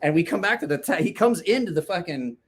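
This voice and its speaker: Male storyteller with a raised, animated voice; swears freely and rambles through his anecdote. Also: sits high, fast talker, slightly rough. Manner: profane, rambling anecdote with laughs. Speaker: storyteller guest. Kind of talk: casual storytelling chat.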